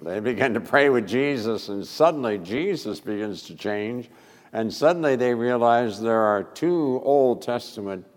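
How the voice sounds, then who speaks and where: A male pastor preaching a sermon with expressive delivery and sudden loud emphasis. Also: medium pitch, in a large hall.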